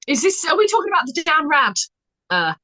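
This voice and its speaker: A woman co-hosting a podcast, dropping quick, teasing interjections into a casual chat. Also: sits high, big pitch swings, sharp tone. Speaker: podcast co-host.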